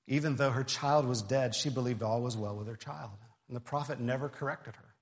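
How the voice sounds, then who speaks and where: Preacher with a long hall echo. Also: male voice, mid-range voice. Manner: earnest, measured reading of scripture. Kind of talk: sermon.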